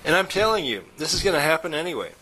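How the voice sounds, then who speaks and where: A man reading as an excitable, reckless male tech inventor who talks in an eager, persuasive way. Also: rapid-fire, husky, heavily acted. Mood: pushy. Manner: eager, persuasive salesman pitch.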